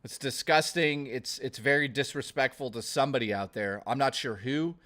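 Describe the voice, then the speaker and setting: A man chatting casually on a livestream, ranting in a profane, excitable way and jumping from topic to topic. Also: medium pitch, moderate pace. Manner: jumps topic to topic.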